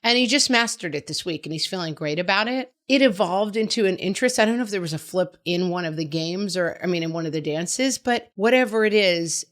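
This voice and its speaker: A woman's voice: on the low side, animated, brisk, hardly any pauses. A middle-aged woman hosting a podcast, giving frank, chatty, reassuring parenting advice. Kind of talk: casual advice monologue.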